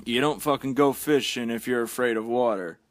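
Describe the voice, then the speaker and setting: A man's voice: mid-range voice, a little fast, no echo. A man delivering a blunt, heavily profane, exasperated rant as a vlogger.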